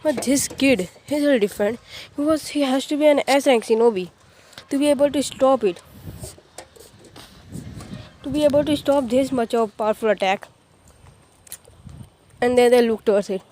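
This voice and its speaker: A woman's voice: high voice, normal speed, pauses often, warm tone, slight background noise. A woman casually retelling a fan story in a rambling, filler-heavy way with frequent restarts.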